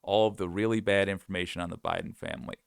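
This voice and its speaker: A man's voice: low voice, steady tone, quick pace, creaky, smooth, no room sound, studio quality. A man hosting political commentary, reading quotes aloud and mocking them in a sarcastic, scoffing way. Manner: sarcastic, scoffing, frequent laughs.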